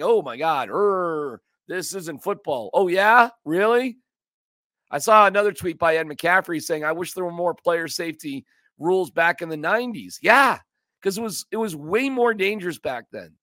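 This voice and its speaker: A man hosts a sports podcast in a casual, emphatic rant. His voice sits high and sounds bright and forceful, animated and joking. The sound is dry and close-miked. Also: no echo.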